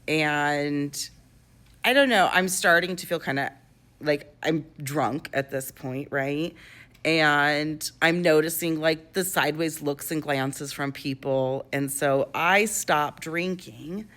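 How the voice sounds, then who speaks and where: A woman's voice: low voice, takes it slowly, a bit bright. A woman in her twenties telling a personal story in a casual, rambling way, with lots of fillers and restarts.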